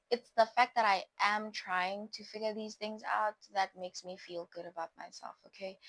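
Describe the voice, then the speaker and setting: A woman's voice: medium pitch, a bit bright, dry recording, rough recording. A young woman talks casually to her viewers, chatty and playful, often talking straight to them. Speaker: vlogger. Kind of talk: casual talk to camera about boundaries.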